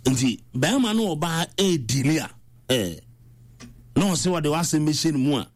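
A man with a Ghanaian accent preaching in a conversational way, mixing languages and rising to high, emphatic pitch. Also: sing-song, a little slow, no room sound.

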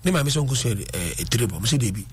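A middle-aged Ghanaian man in a casual discussion, telling animated stories and switching between English and Twi. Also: mid-range voice, very fast, husky.

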